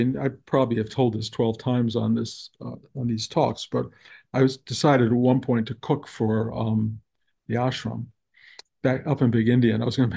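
A man's voice: mid-range voice, vocal fry, dark tone, breathy edge. An older man telling stories in a casual spiritual talk over a video call, rambling with many restarts.

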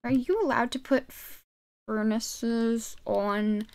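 A woman's voice: a little high, fairly even intonation, takes it slowly, darkish tone, clear, resonant tone. A woman streamer chatting and giggling through casual gameplay commentary, talking to her viewers from a desk microphone at home. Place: home gaming setup.

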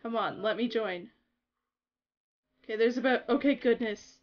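A young woman chatting casually to her viewers while playing a game on a livestream, giggly and excitable. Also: fairly high pitch, normal speed, dull audio. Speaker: gaming livestreamer. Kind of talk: casual livestream chat over gameplay.

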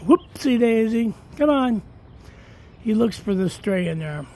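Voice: mid-range voice, animated, unhurried, warm tone, a little hiss or hum. A person talking to their cat in a casual, coaxing, sing-song way while filming a walk outdoors in the cold on a phone. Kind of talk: casual talk to a pet.

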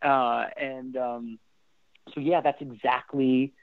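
A man's voice: mid-range voice, slow pace, no room sound. Middle-aged man on a tinny phone line. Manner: animated storyteller with restarts and fillers. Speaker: rock singer, guest. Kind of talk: casual interview storytelling. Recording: thin phone-like line, dry.

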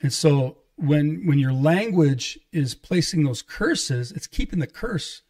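Slow and expressive, with a higher-than-average pitch and a darkish tone, a middle-aged evangelist tells his life story on a podcast. His testimony is loose and conversational, filled with reenacted dialogue of what others said to him.

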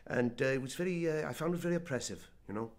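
An actor playing an older Irish film-star hellraiser who stammers, rambles and bristles at any slight, in a comedy sketch interview. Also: male voice, medium pitch, natural voice. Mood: boastful. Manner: stammering, rambling, quick to take offense. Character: aging boozy Irish film-star hellraiser, blustering and touchy.

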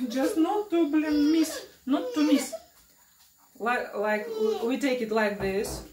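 Woman, Russian accent, young adult, halting English full of fillers, slow unhurried talk, roomy kitchen sound heard from a distance. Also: fairly high pitch. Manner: hesitant, many fillers and restarts, laughs often. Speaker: family vlogger. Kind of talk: casual cooking vlog. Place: home kitchen. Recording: echoey room, distant mic, audible noise.

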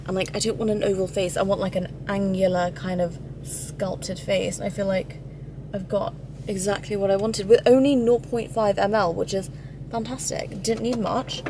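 A young woman with a London accent, chatting candidly in a casual beauty vlog, full of "like" and "babe". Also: mid-range voice. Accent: London English. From England. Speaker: beauty vlogger. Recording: faint background noise.

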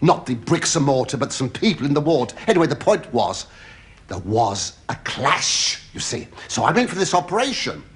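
A middle-aged English comedian with a stammering, camp delivery, full of asides to a live audience. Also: male voice, mid-range voice, sing-song, normal speed. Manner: stammering, camp asides, ooh-ing and mock protest. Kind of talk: stand-up style sitcom monologue to live audience. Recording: loud studio audience laughter and noise.

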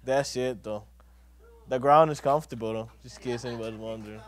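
A man's voice: medium pitch, brisk. A man, casually introducing a speaker as a youth pastor, joking loosely and calling out to the room.

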